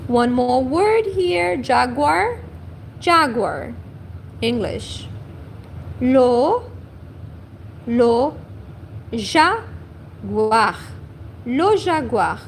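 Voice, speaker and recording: A woman teaching a livestream language lesson, saying each word slowly twice and correcting herself now and then. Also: high-pitched, very animated, gravelly, slight background noise.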